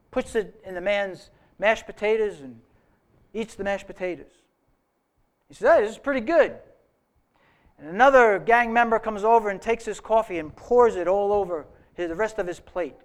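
Pastor, male, high and smooth voice; relaxed, unhurried sermon delivery with homespun storytelling. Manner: relaxed storytelling with an old joke, speaking to a live congregation.

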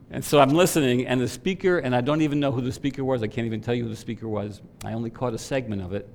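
A man preaching a sermon, swelling to loud emphatic peaks and dropping to quiet asides. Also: medium pitch, fast, few pauses. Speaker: pastor.

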